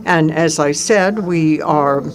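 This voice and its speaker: A woman with a somewhat low voice interprets a speech live at a forum. She speaks steadily and evenly in the first person, carrying the speaker's words in real time. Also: slow, a little hiss or hum. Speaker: simultaneous interpreter.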